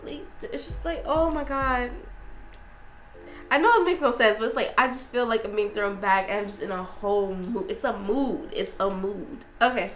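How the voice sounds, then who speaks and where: A young woman vlogging in a casual, effusive way, talking excitedly with lots of fillers and restarts. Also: mid-range voice, moderate pace, echoey room, slight background noise, rough recording. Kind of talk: casual review vlog.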